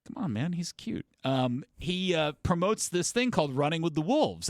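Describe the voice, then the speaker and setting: A man's voice: on the high side, lively intonation, moderate pace, hardly any pauses, no room sound, clean studio sound. Rambling self-deprecating man. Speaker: podcast co-host. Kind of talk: casual chat.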